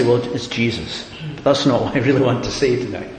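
A man's voice: mid-range voice, brisk. A man preaching a sermon earnestly, building to emphatic repeated questions. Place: church hall. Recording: echoey hall with faint hiss.

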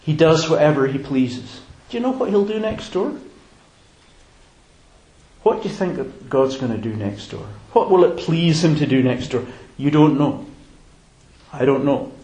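A man preaching a sermon as a pastor, emphatic and deliberate with long pauses. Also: a little high, lively intonation, mellow. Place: church. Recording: roomy church hall.

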